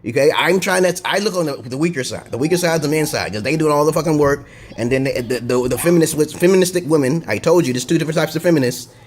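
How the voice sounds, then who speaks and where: A video blogger with a slightly high, breathy voice talks fast as he rants to his own camera in a casual vlog. His monologue is profane, rambling, and digressive, full of repetition and constant "okay?"s.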